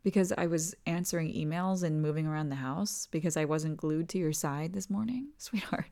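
A woman in a whispered role-play as a doting partner, talking softly and tenderly and often dropping into whispers. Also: low-pitched, normal speed. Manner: soft, tender, soothing, slips into whispers. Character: doting, reassuring partner comforting the listener.

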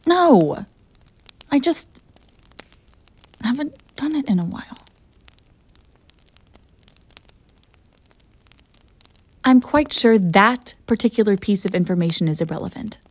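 A woman's voice: medium pitch, lively intonation, moderate pace, long pauses, breathy edge. A woman voicing a proud, bored, centuries-old female succubus in an audio role-play for the listener, haughty and theatrical. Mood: flustered. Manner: haughty and theatrical, defensive when pressed.

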